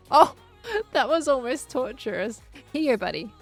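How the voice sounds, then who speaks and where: Casual Australian woman streamer, slightly high and a touch gravelly, with chatty, playful asides to chat. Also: lively intonation, measured pace, faint music behind. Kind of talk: casual live-stream chat while gaming.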